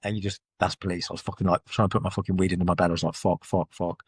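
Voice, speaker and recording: A man's voice: sits low, flat delivery, rapid-fire, breathy edge, no echo. A man telling his life story as a podcast guest, blunt and swearing freely, with loose run-on phrasing. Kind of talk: candid personal storytelling in conversation. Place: podcast studio.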